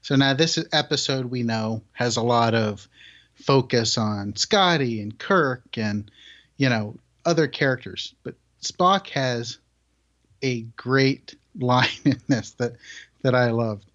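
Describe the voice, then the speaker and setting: A man co-hosting a podcast, talking in a relaxed, unhurried casual way. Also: mid-range voice, muffled recording. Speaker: podcast co-host. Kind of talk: casual chat.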